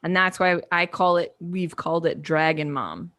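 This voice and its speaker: A woman's voice: on the low side, moderate pace. A woman hosting a podcast, chatting candidly and acting out lines from her own life. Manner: candid, expressive, acts out quotes. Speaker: podcast host. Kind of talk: casual chat.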